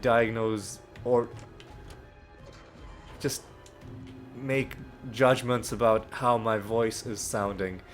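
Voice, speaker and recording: Let's play host, male, sick with a cold, hesitant thinking-aloud delivery over soft game music. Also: lowish voice, fairly even intonation, extremely slow, pauses often. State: ill with a cold, occasional coughs. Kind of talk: casual gameplay commentary. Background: faint game music.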